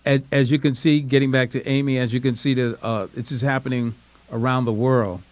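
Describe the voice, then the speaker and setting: A man's voice: mid-range voice, fairly even intonation, a little fast, no room sound. A man from the United States hosting a call-in radio talk show, speaking in an earnest, encouraging way.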